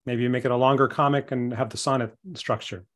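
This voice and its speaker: A man's voice: mid-range voice, fairly even intonation, quick pace, fairly bright tone. A man leading a comics workshop over a video call, easygoing and encouraging as he gives feedback. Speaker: workshop instructor.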